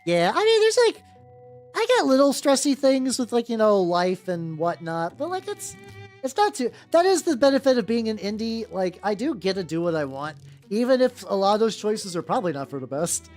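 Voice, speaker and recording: A man's voice: high voice, very animated, brisk, a little mellow. A man streaming casually while he paints miniatures. He rambles, swears freely and often restarts his sentences. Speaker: VTuber streamer. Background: faint background music.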